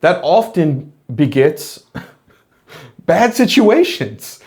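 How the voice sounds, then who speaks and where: Earnest higher-voiced man reflecting. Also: very animated, extremely slow, darkish tone. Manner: earnest, explanatory, frequent restarts. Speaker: former police officer, channel host. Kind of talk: reflective monologue to camera.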